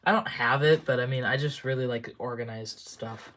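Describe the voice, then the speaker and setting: A man chatting casually on a live stream, rambling and halting, muttering to himself and trailing off between thoughts. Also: mid-range voice, a bit bright. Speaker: livestreamer.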